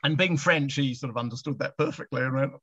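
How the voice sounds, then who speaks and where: A man's voice: mid-range voice, fast talker, fairly bright tone. A middle-aged Australian man, a guest author telling anecdotes over a video chat, chatty and laughing with frequent restarts. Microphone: video call. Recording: dull lo-fi video call.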